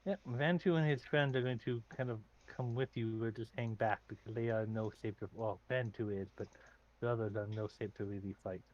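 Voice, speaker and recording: A man narrating a tabletop game as game master, describing scenes in a halting way with fillers and restarts. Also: medium pitch, fairly even intonation, a little mellow, lo-fi sound.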